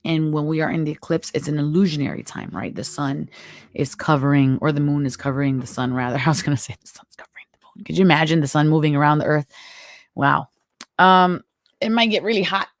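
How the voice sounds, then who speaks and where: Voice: medium pitch, a little fast, no room sound, studio quality. A tarot reader hosting a live stream, giving chatty, encouraging spiritual advice with a strained, worn-out throat. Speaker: tarot reader and show host.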